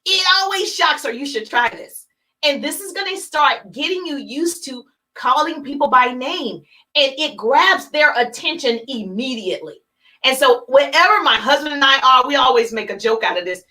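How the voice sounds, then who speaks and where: A woman coaching her viewers live, with a high, lifted voice. She talks with energy and emphasis and drives each point home by saying it twice. Now and then she acts out a chipper sample phone call. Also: expressive, normal speed, bright, forceful tone. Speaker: business coach. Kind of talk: live-streamed coaching talk.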